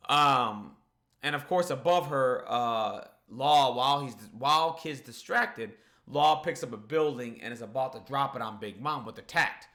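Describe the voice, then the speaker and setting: A man rattles through a casual manga chapter review, his voice bright and forward. He swears freely and keeps circling back with "like" and "you know" as he walks through the action. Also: medium pitch, unhurried. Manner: excited, profane, full of "like" and "you know". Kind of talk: casual spoken chapter recap.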